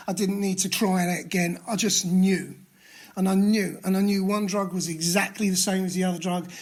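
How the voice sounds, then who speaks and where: Older man, london accent, personal share at a recovery meeting, self-mocking, candid, halting restarts. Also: high-pitched. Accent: London English. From England. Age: 60s. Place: meeting room.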